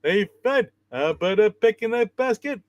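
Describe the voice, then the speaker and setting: A man's voice: high voice, animated, normal speed, dry recording, muffled recording, pitched above the performer's own voice. A man voicing a dopey cartoon caveman sidekick in a goofy impression.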